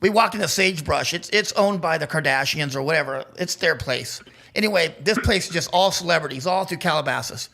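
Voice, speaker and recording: Man co-host, high, gravelly, bright voice, rambling, laughing storyteller. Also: a little fast. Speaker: podcast co-host. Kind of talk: casual storytelling chat.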